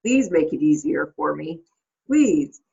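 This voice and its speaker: A woman's voice: low-pitched, very animated, slow pace, gravelly, dark tone, slightly rough, muffled recording, full character voice. A woman voicing a frustrated, broke male sports agent who pleads and begs. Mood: pleading. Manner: pleading, begging.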